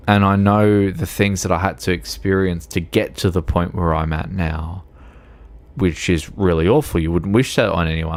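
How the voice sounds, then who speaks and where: A man streaming a game, tipsy, rambling and emotional, laughing often and swearing casually. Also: fairly low pitch. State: tipsy from alcohol. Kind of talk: casual gaming stream chat.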